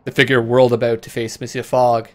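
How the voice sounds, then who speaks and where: A man's voice: mid-range voice, level tone, fast talker. A man hosting a let's play, reading the game's story aloud and breaking into jokey asides. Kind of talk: reading game text aloud with casual asides.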